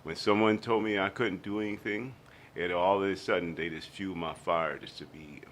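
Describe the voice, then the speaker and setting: Deep bright-voiced man telling stories. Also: normal speed, a little hiss or hum. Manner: animated storyteller, acts out quotes. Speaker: guest. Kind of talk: radio interview storytelling.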